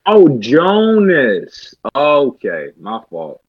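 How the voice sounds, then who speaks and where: Man, podcast co-host, joking casual chat, lively pitch, dull recording. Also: extremely slow, husky.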